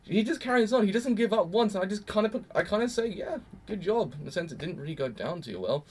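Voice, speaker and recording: A man's voice: high voice, expressive, fast talker, a little mellow, a little hiss or hum. A young man rambling through an emphatic, exasperated reaction review. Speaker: anime reviewer. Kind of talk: casual reaction commentary.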